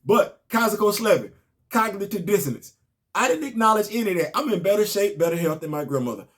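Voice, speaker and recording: A man's voice: high voice, fast. A man, casually recapping a comic book and telling stories on his podcast. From Southern US. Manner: animated, storytelling, rising to emphatic outbursts.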